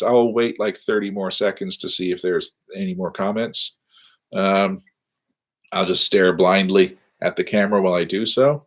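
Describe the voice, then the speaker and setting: A middle-aged man with a slightly low voice lectures casually from his office over a live stream. He rambles through his points with plenty of ums and uhs and pokes fun at himself along the way. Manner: rambling, self-deprecating, chatty with many fillers. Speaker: university lecturer.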